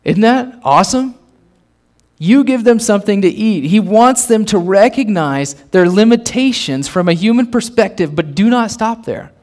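Fairly high-voiced pastor preaching casually. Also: male voice, animated, normal speed, darkish tone. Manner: conversational and emphatic, often repeating and restarting words. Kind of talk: sermon.

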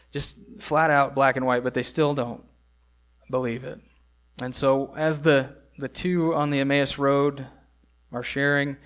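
A man preaching a sermon, earnest and emphatic, repeating key phrases and asking rhetorical questions. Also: medium pitch. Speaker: pastor.

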